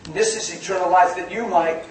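A man preaches in a folksy, laughing manner that builds into shouts. His voice sits very high for a man. It rings through a hall, picked up from a distance. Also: fairly even intonation, a little fast. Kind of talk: sermon. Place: church hall. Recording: echoey hall from far off.

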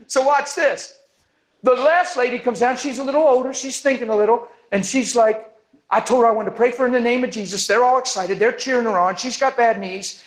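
A man preaching a sermon, telling a story with lively energy and acting out the people in it. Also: very high-pitched, a little fast, poor audio. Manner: animated, acts out the people in his stories.

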